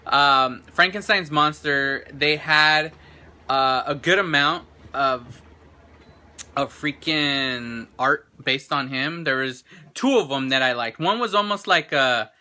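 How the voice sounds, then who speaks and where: A man's voice: fairly high pitch, slow, bright, forceful tone. A man in his thirties hosting a casual vlog chat, rambling and enthusiastic with lots of restarts, recorded on a handheld camera in an indoor gallery. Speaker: show host.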